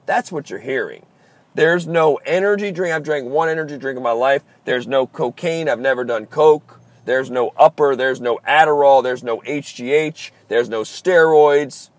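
A man's voice: mid-range voice, normal speed, no room sound. Intense East Coast man, motivational host. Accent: East Coast American. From Maryland, US East Coast. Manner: intense, driven, emphatic repetition. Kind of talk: motivational monologue. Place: in a car in traffic.

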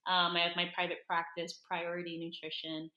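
A woman's voice: fairly low pitch, completely flat delivery, a little fast, sharp tone. A woman guest on a podcast, a dietitian and author, telling her story in an earnest, heartfelt way with many "like" fillers. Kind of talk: casual podcast conversation. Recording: roomy echo.

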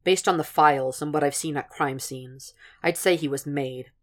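A weary, troubled investigator speaks flatly and slowly in a low voice, as a woman reads his lines. His delivery stays tired and level. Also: lightly acted.

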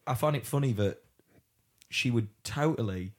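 A man's voice: mid-range voice, animated, moderate pace. A man, questioning in a dry way during an improvised comedy chat. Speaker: comic interviewer.

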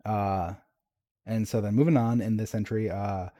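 A man's voice: on the low side, steady tone, normal speed, dark tone, no echo, studio quality. A man talking casually about game lore, rambling with fillers and restarts as he reads entries aloud. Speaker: podcast co-host discussing game lore.

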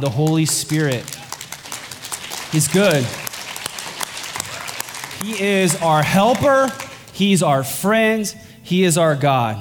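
A pastor preaching a sermon, earnest and emphatic, his voice climbing higher on key points. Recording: long hall reverb with faint music.

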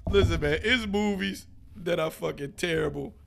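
A man's voice: on the high side, moderate pace, vocal fry. A man co-hosting a podcast in casual banter, swearing freely and laughing often. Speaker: podcast co-host.

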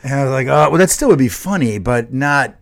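A man in his late fifties with a middle-pitched, ordinary voice spins a lively story in casual podcast chat. He laughs often as he talks and keeps the tale rolling. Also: a little fast. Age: 50s. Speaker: podcast co-host.

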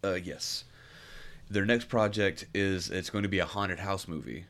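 A man co-hosting a podcast, talking casually in an earnest, informative way with some halting. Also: low-pitched, fairly bright tone. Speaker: podcast co-host. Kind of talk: casual chat.

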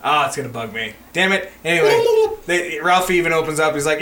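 A man's voice: on the high side, fast talker. A man co-hosting a casual, profane podcast chat, telling stories with lots of swearing. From Colorado. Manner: swears a lot, animated storyteller. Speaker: podcast co-host. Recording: echoey room, off-mic.

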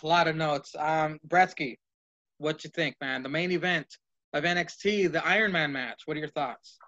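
Man, fairly high voice, rapid play-by-play recap, casual swearing, dull lo-fi sound. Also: sharp tone. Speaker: podcast co-host. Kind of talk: casual wrestling recap from notes.

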